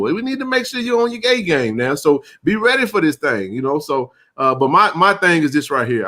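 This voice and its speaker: A man's voice: mid-range voice, fairly bright tone. A man, hosting a casual live sports chat stream in a laid-back, drawling way.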